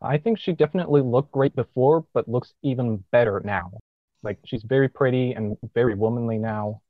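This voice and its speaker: A man's voice: medium pitch, fairly quick, no echo. A man gives earnest, enthusiastic opinions in a casual podcast chat. His voice comes through a dry, dull line with no room sound.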